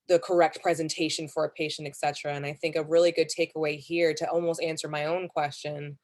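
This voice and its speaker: A woman moderating a session, speaking in a measured, thoughtful way. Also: sits low. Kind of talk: reflective discussion.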